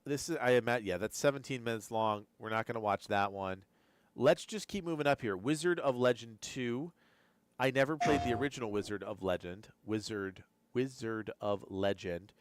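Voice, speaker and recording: A man's voice: mid-range voice, moderate pace, slight background noise. A man hosting a live gaming news stream, rambling and repeating himself as he thinks aloud, drowsy and yawning. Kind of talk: live-stream reaction commentary.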